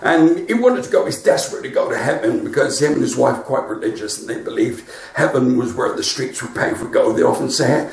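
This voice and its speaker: A man's voice: medium pitch, big pitch swings, fairly quick, creaky, far from the mic. A man with a West Country accent telling stand-up jokes on a live stream from his front room, chatty and laughing at his own jokes. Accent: West Country English. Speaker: comedian. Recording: roomy, off-mic home stream.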